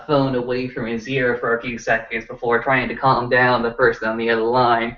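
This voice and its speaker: A man's voice: medium pitch, recorded from a distance. A man running a tabletop role-playing game as game master, narrating in a loose way full of fillers. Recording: dull lo-fi audio.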